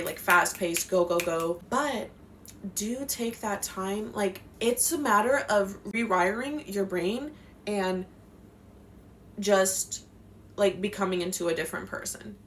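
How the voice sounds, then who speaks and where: A woman's voice: mid-range voice, a bit bright, a little hiss or hum. A young woman giving spiritual life advice in a casual, passionate, slangy talk, swearing now and then. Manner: passionate, slangy, swears, acts out quotes in voices.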